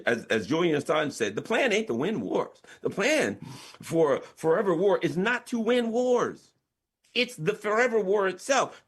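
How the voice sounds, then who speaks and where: A middle-aged American man delivers opinionated radio commentary in a slightly high, husky voice. His pitch swings widely as he leans on rhetorical questions with emphatic sarcasm. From United States. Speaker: political commentator.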